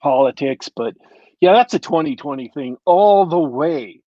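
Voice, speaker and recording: A man's voice: fairly high pitch, lively intonation, unhurried, dry recording, highs cut off. A man co-hosting a casual podcast chat, easygoing and musing as he talks. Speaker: podcast co-host.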